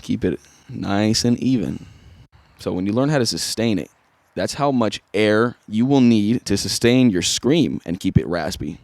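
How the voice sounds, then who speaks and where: A man's voice: fairly low pitch, animated, unhurried, darkish tone, no echo. A man giving a casual, easygoing singing tutorial as a vocal coach.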